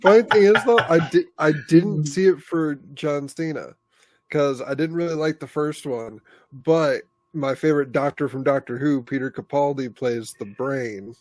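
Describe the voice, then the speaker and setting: A man's voice: a little high, normal speed, a little mellow, no echo. A man co-hosting a podcast, talking casually in a rambling, enthusiastic way. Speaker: podcast co-host. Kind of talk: casual chat.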